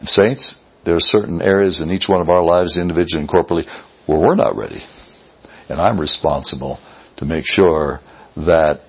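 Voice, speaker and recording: A man preaching a sermon as pastor, fervent, with sudden rises and hushed drops. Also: low-pitched, fairly quick, husky, dull audio.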